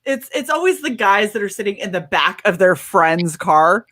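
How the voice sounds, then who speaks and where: A young woman co-hosting a casual live-stream chat, an animated storyteller who laughs often. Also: medium pitch, normal speed. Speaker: co-host.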